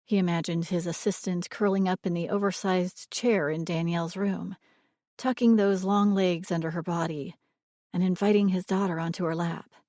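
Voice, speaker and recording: A woman reading a romance audiobook in a measured, expressive way. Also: lowish voice, dry recording, studio quality. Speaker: audiobook narrator. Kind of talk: scripted romance narration.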